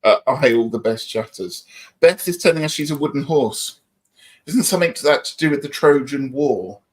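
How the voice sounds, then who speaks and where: A man's voice: medium pitch, animated, normal speed. A middle-aged man co-hosting a livestream, chatting casually and reading out viewer comments in an upbeat, friendly way. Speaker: livestream co-host.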